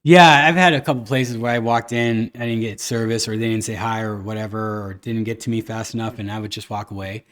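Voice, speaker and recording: A man's voice: fairly low pitch, steady tone, a little fast, few pauses, a bit bright. A man hosting a casual podcast chat, telling stories animatedly and acting out the people he quotes. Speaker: podcast host.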